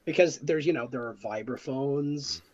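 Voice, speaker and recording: A man's voice: medium pitch, normal speed, darkish tone, dull audio. A man on a casual comedic podcast who earnestly explains things at length.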